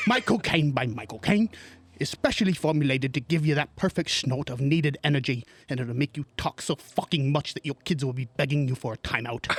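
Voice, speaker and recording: A man's voice: noisy background, lightly acted. A man doing an impression of a famous British actor, brashly selling a product in a spoof ad. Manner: brash, rambling sales pitch, cracking up. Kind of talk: parody radio ad.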